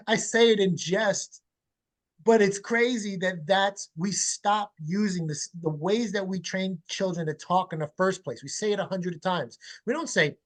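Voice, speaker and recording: A man working as a parenting coach, answering webinar questions over a video call in an animated, emphatic way, blunt and sometimes swearing. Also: sits high, unhurried.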